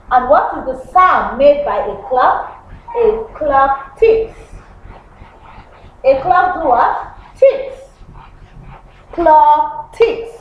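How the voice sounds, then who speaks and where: A woman teaching a basic science lesson to young children, slowly and with lots of repetition, asking questions and answering them herself. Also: high-pitched. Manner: imitates animal and clock sounds playfully. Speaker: primary school science teacher. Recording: very echoey room, muffled sound, faint background noise.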